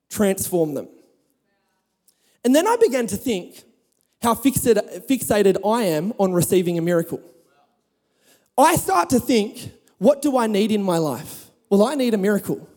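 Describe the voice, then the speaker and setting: A man pastor preaching a sermon to a congregation, telling a Bible story with humor and lively emphasis. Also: high voice, a little slow, pauses often, long reverb tail. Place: church hall with audience.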